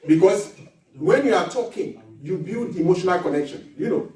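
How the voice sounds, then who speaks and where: A man with a fairly high voice leads a seminar, animated and quick to laugh as he acts out small scenes. He sounds set back from the microphone, and a large hall rings around his words. The talk moves along in a casual, teaching way. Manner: animated, laughs often, acts out little dialogues. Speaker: marriage seminar speaker. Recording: echoey hall recording from far off.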